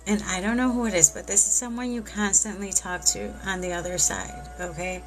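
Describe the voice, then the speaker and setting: A woman doing a live tarot reading who speaks warmly and reassuringly and keeps tearing up. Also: medium pitch, brisk, few pauses, faint music behind. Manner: emotional, tearful, reassuring. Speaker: tarot reader.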